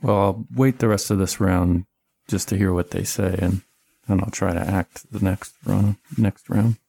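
A man's voice: low-pitched, steady tone, unhurried, creaky, dark tone, breathy edge, dry recording. A man speaking as a player in a tabletop game, casual and brief.

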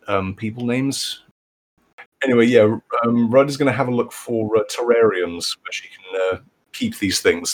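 Casual man playing a tabletop game. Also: medium pitch. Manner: casual, hesitant with fillers. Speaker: player. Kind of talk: tabletop role-play chat.

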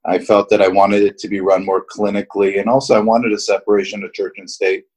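Low, husky-voiced male podcast guest. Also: little pitch movement, fast, a little mellow, poor audio. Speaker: guest, company chairman. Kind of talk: podcast interview.

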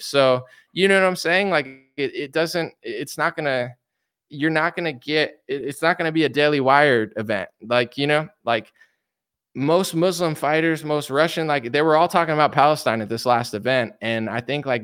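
A man's voice: mid-range voice, a bit bright, smooth. An American man in casual commentary, rambling and repeating himself, reading viewer comments. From United States. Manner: rambling, repeats words, many likes and you-knows. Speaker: commentator reacting to news.

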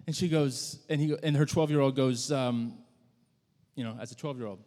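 A man preaching a sermon, telling a story in a conversational, halting way with frequent restarts. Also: a little high, steady tone, warm tone. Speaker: pastor. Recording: long hall reverb.

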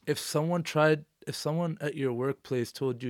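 A man in a relaxed casual conversation, agreeing often and riffing along. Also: fairly high pitch, normal speed, dry recording, clean studio sound. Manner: laid-back, agreeable, often agrees with "yeah". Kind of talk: casual chat.

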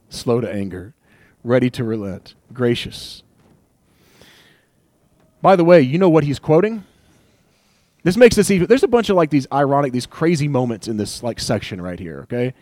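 A young man preaching a sermon in a casual, conversational way, animated and joking, slipping into little acted asides. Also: medium pitch, no echo. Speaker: pastor.

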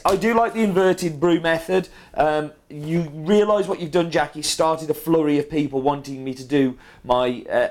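A middle-aged man with a strong British accent, chatting casually as he reads out viewer comments, with plenty of ums and uhs. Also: a little high. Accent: British English. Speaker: coffee roaster reading viewer comments. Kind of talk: casual chat.

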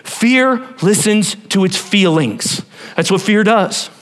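A man preaching a sermon to a church congregation, animated and playful, talking straight to the people in front of him. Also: high voice, slow pace. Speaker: pastor.

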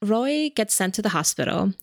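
A woman's voice: mid-range voice, sing-song, normal speed, no echo, studio quality. A woman co-hosting a podcast, recapping a movie in casual chat with playful, joking asides. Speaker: podcast co-host.

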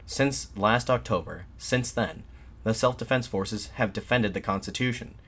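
A man voicing a defiant nationalist addressing soldiers from a balcony, in an impassioned, shouted pleading manner. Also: on the low side, normal speed. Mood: fervent, shouting.

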